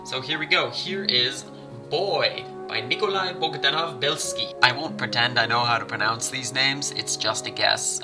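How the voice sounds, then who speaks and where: A man talking casually to his viewers, rambling and wry, with dry asides. His voice sits at an ordinary middle pitch. Clear music plays behind him the whole time. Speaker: vlogger. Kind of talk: casual vlog commentary. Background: music playing.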